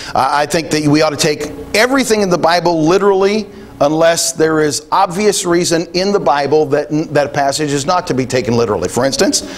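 A man preaching a sermon in a conversational way, thinking aloud with frequent restarts and quoting scripture. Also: a little high. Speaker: pastor.

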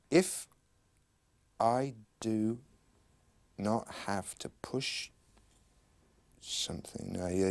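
A man, a musician, musing aloud in an interview with an amused, chuckling manner. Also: on the low side. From England. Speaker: musician and producer. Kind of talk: interview commentary.

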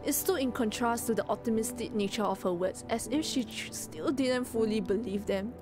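A woman streamer reads a story aloud in a slightly high, gentle voice, keeping an even, measured pace. Clear music plays behind her narration.

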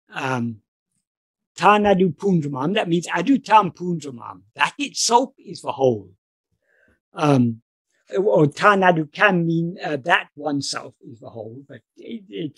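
A man teaches over a video call in a measured, explanatory way, pausing on fillers and restarting his sentences. His voice sits a little high for a man. The sound is dry, with no room echo. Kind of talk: spiritual talk on a video call.

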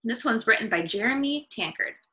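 A woman reading a children's picture book aloud to young listeners, animated and expressive. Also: on the high side. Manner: animated, expressive, slow and clear.

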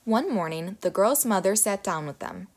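A young woman reading a children's folktale aloud, in an expressive, animated way. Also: mid-range voice, normal speed. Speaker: storyteller. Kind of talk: children's story read aloud.

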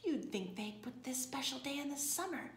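Brief: a woman reading a cheerful storybook mama bear, higher and lively, in a roomy echo. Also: moderate pace, a little hiss or hum. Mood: grumbling. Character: fond, bustling female bear, a wife.

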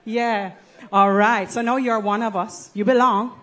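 Jamaican woman, stage co-host, playful and coaxing, a touch high. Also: steady tone, measured pace, fairly bright tone. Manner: playful, coaxing, laughs often. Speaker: co-host of a church service. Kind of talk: lively stage emceeing.

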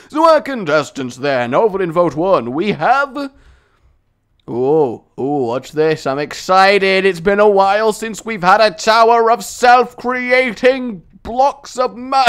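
A man's voice: high-pitched, fairly bright tone. A man hosting gaming commentary, jokey, playful and self-mocking. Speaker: gaming video host. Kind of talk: Minecraft commentary.

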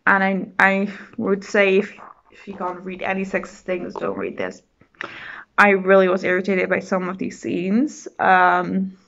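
A bubbly woman book vlogger chats on camera, gushing and rambling with quick restarts. Her voice sits at a middling pitch, and the recording sounds a little dull and lo-fi. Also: creaky, fairly bright tone. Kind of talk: casual vlog chat.

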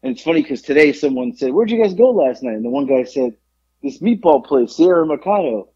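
A man chats on a podcast, telling a long story and acting out the voices of people in it, swearing freely. His voice is husky and swings widely up and down. The recording is dull and lo-fi. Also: fairly high pitch, brisk. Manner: animated storyteller, acts out quotes, swears freely. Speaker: podcast co-host. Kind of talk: casual podcast chat.

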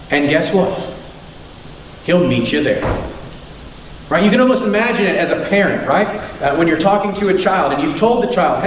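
A man with a high voice preaches to a congregation, driving his points home by repeating them and asking rhetorical questions. He sounds distant from the microphone in a very echoey church, with a faint hiss behind him. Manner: emphatic, repeats key lines, asks rhetorical questions. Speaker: preacher and teacher. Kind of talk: sermon. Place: church sanctuary. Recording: echoey room, far from the mic, faint noise.

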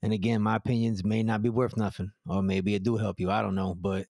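A man's voice: lowish voice, level tone, a little fast, creaky, darkish tone, no echo. A man talking in a blunt, profane, very direct way, tripping over his own words as he restarts sentences. The sound is close and dry, with no room around him. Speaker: podcast guest. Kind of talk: blunt casual chat.

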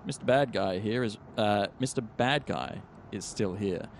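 A man's voice: on the low side, measured pace, a little hiss or hum. A man voicing a sardonic male vampire fixer who talks in a dry, condescending way. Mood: smug.

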